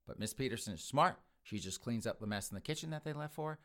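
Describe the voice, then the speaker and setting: A podcast host telling a crude comic story in a brash, rambling way. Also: male voice, lowish voice, fast talker, hardly any pauses, fairly bright tone.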